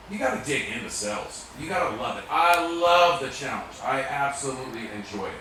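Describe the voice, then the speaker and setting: Profane, animated man in an echoey room. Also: a little high, brisk, hardly any pauses. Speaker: sales technician speaking to an audience. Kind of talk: live talk to an audience. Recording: echoey room, mic far off, faint room noise.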